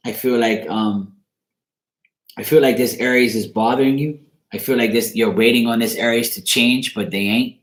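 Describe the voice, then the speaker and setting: A man's voice: medium pitch, fairly even intonation, normal speed, roomy sound. A man giving a casual tarot reading on a livestream, rambling loosely, swearing now and then and breaking off to greet viewers. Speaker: tarot reader.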